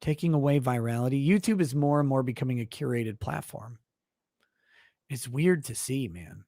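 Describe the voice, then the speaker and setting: A man's voice: mid-range voice, lively intonation, normal speed, creaky, dark tone, husky, no room sound, studio quality. A man hosting a live stream, ranting sarcastically with plenty of profanity and rambling asides. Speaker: host.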